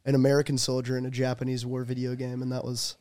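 A man's voice: mid-range voice, monotone, quick pace, darkish tone, dry recording. A young man chatting casually as a podcast guest, self-deprecating and laughing often. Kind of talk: casual chat.

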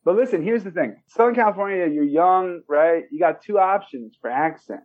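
A man's voice: sits high, expressive, normal speed, narrow, tinny audio. A man in his forties, a comedian telling stories in casual chat, rambling with lots of fillers. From United States. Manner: rambling, many "you know" and "man". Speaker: comedian guest.

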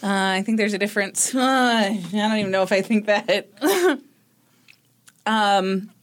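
A woman's voice: medium pitch, measured pace. A woman co-hosting a podcast in casual chat, who laughs often and reacts with horror. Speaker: podcast co-host.

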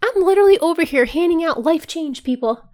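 A woman's voice: very high-pitched, lively intonation, brisk, a little mellow, no room sound, studio quality. A woman hosting her own podcast in a casual, earnest monologue, her voice worn from being sick, filling her talk with "like" constantly. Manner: earnest, chatty, fills with "like" constantly. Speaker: podcast host.

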